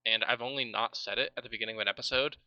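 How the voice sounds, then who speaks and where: A man's voice: medium pitch, steady tone, rapid-fire, pushed and bright, dry recording, dull audio. A man as game master, recapping a tabletop game on a livestream in a casual, rambling way, with swearing and many fillers.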